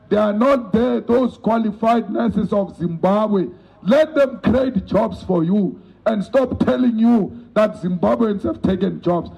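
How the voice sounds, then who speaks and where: A middle-aged man giving a fiery rally speech at an outdoor protest march, rhetorical and repetitive, rising to shouts. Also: high-pitched, gravelly, breathy edge, lo-fi sound. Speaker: political leader addressing a march.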